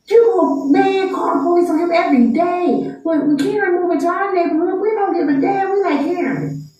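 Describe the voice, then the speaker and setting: A woman's voice: very high voice, moderate pace, a little mellow. A woman giving a brash, slangy, heated rant on a livestream. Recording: echoey room, far from mic.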